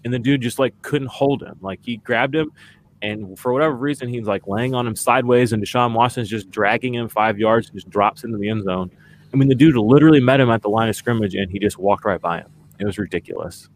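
A man's voice: medium pitch, a little fast, slight background noise. A man co-hosting a podcast, chatting casually and ranting with exasperation, full of fillers. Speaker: podcast co-host. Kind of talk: casual sports podcast chat.

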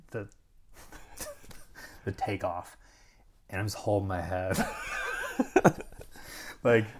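A middle-aged man telling a story as an interview guest, rambling and animated, full of "like" and restarts, acting out other people's lines. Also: mid-range voice. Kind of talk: casual storytelling.

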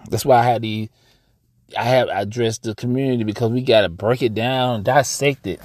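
A man's voice: medium pitch, steady tone, moderate pace, darkish tone, dry recording. A young adult American man with an African American accent, hosting a casual podcast monologue outdoors and talking straight to his listeners. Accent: African American English. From United States. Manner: conversational, addresses listeners as y'all, emphatic. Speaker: podcast host.

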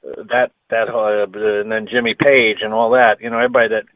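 A man, a guitarist guest on an interview, telling stories and acting out quoted dialogue with lively energy. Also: fairly low pitch, fast talker, phone-quality sound. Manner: animated storyteller who acts out quoted dialogue. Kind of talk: storytelling interview.

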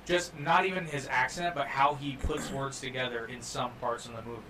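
A man co-hosting a podcast, chatting and joking in an animated way about a film. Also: mid-range voice, a little fast. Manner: animated, joking, lots of restarts. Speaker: podcast co-host. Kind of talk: casual chat and film review. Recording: distant mic, faint room noise.

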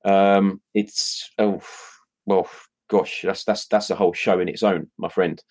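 A man's voice: low-pitched, little pitch movement, measured pace. A British man co-hosting a casual live stream, reading viewer comments with many hesitations. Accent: British English. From Britain. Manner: hesitant, lots of ums and restarts. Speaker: co-host of a crypto live stream.

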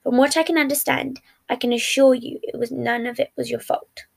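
A formal, exact young man speaks with careful, measured wording, read by a woman. The voice sits a little high with a gravelly fry. It comes from a fan fiction reading. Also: steady tone, exaggerated voice. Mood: gentle. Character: formal, precise young man comforting a friend.

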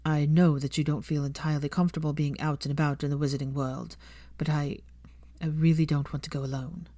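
A woman reading the part of a nervous but determined young man wizard, speaking hesitantly and quietly. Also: low-pitched, flat delivery, a little fast, no room sound, clean studio sound.

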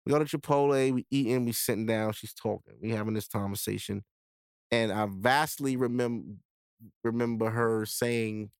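A man's voice: mid-range voice, brisk, clean tone, dry recording, clean studio sound. A young man hosting a podcast, telling a candid personal story in profane street slang. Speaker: podcast host. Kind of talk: casual storytelling monologue.

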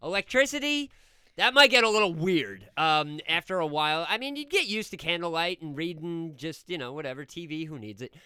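A woman in a casual group chat, jokey and quick to agree. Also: deep voice, animated, pushed and bright, clean tone, no room sound, clean studio sound.

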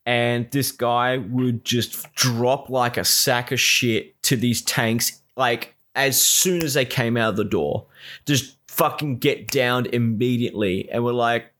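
A man's voice: mid-range voice, steady tone, slow pace, fairly bright tone. A man co-hosting a casual chat, telling a rambling, exasperated story full of swearing.

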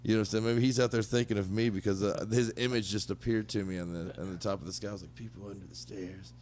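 A man's voice: fairly low pitch, steady tone, rapid-fire, darkish tone, a little hiss or hum. Rambling, cursing podcast host man. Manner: rambling, lots of fillers and restarts, swears. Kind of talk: casual chat.

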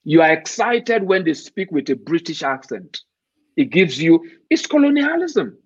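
In this conversational interview, a Nigerian guest talks at a moderate pace in a slightly rough, higher-than-average voice with a sing-song lilt, pressing his points emphatically and asking rhetorical questions. The dry recording sounds muffled and dull.

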